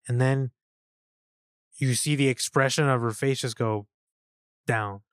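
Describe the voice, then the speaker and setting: A man co-hosting a casual film review podcast, excited and profane, acting out lines from scenes. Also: medium pitch, normal speed, long pauses, no room sound, clean studio sound. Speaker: podcast co-host.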